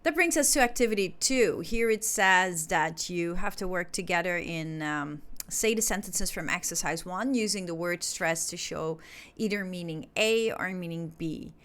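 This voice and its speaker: A woman's voice: on the low side, normal speed, fairly bright tone. A woman from Indonesia, an English teacher explaining a lesson step by step to her class. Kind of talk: recorded online lesson.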